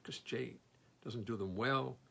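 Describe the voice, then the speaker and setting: A man who sings and plays bass, chatting casually between songs in his studio in a rambling, wry, self-mocking way. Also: slow, gravelly, a little hiss or hum. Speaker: singer and bassist. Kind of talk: casual between-song chat at a live stream. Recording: loud bass under the voice. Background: his own double bass playing.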